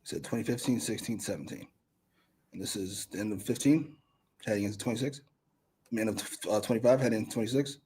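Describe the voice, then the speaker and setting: Wry, husky-voiced man. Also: lowish voice, brisk, dark tone. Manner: wry, blunt, profane banter. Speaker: co-host of wrestling review show. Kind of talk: casual podcast chat.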